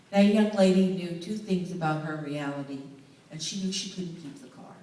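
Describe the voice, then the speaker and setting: A woman's voice: fairly low pitch, normal speed, mellow. A woman with a Southern US accent giving a humorous presentation to a live audience, telling stories and speaking to the listeners directly. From United States. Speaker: public speaker. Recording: echoey hall, voice from far off.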